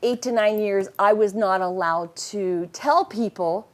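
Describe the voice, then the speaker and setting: A middle-aged woman, a voice actress, telling casual anecdotes in an animated way and laughing often. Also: medium pitch, a little slow. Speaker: voice actress and interview guest.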